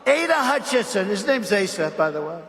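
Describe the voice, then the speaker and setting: A man with a high voice gives a gala speech, sarcastic and digressive, circling back to the same lines again and again. His voice rings with the long reverb of a large banquet hall. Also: sing-song, brisk, fairly bright tone. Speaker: gala speaker. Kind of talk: rambling political speech.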